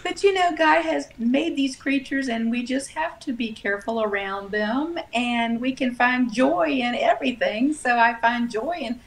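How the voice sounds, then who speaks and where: A woman author chatting casually as an interview guest, telling stories with animated laughs. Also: on the high side, measured pace, hardly any pauses, slight background noise.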